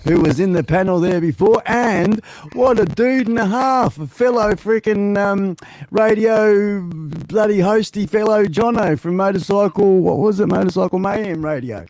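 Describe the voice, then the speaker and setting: A high-voiced Australian man is guesting on a livestream from his home studio. He talks loud and rowdy, swears freely and sometimes breaks into a shout. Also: normal speed.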